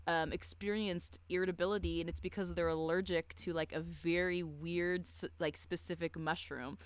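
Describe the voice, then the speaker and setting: A young woman co-hosting a podcast, telling a story in a chatty, profane way, full of "like" and quick laughs. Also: lowish voice, steady tone, smooth. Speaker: podcast co-host. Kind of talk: casual chat.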